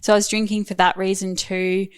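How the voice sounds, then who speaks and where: A woman's voice: mid-range voice, level tone, a little fast, clear, resonant tone, dry recording. A woman around thirty, talking candidly as a podcast guest in a casual chat, full of "like" and "um". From Australia. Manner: candid, chatty, frequent "like" and "um".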